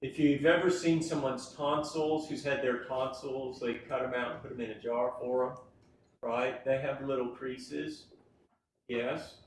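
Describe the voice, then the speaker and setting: A man's voice: mid-range voice, steady tone, unhurried, slight background noise. Folksy man lecturing in an echoey classroom. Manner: folksy, keeps checking in with "right?" and "okay?". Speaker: anatomy instructor. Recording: echoey room, voice from far off.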